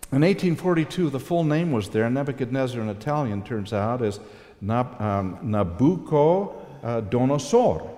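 Slow, earnest man in echoing hall. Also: mid-range voice, a little mellow. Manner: earnest, reflective storytelling with emotional swells. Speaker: speaker giving a talk. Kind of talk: sermon-style storytelling.

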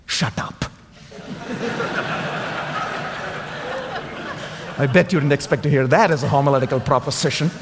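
A man preaching with an emphatic, lively delivery, his pitch rising and falling widely. He repeats key phrases for weight, and his voice carries a long reverb from a large church hall. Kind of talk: sermon.

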